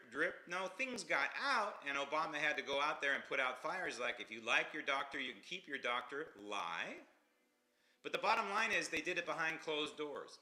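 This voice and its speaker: A man hosting a political commentary livestream, opinionated and mocking, swinging from loud outbursts to low asides. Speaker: host.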